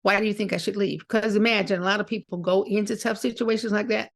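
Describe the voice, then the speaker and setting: Gravelly-voiced woman telling stories animatedly. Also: mid-range voice, fast talker. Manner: animated storyteller acting out quoted dialogue. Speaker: guest, author. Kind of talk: storytelling interview.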